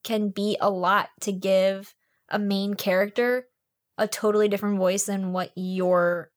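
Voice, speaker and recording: A woman co-hosting a podcast, reviewing an audiobook in casual, fast chat full of "like" fillers. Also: medium pitch, flat delivery, no room sound, studio quality. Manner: chatty, fast, lots of "like" fillers.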